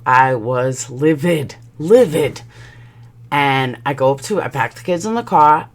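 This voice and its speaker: A woman telling a personal story in a vlog, blunt and heated, swearing freely and rambling through quick asides. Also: a bass voice. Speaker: channel host.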